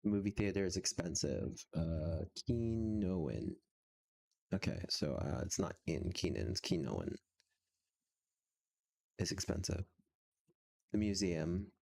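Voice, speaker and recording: Male streamer, deep voice, unhurried, halting delivery full of ums, chuckles between lines. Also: mellow. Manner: hesitant, many filler sounds, chuckles often. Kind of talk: casual live-stream chat while practicing a language.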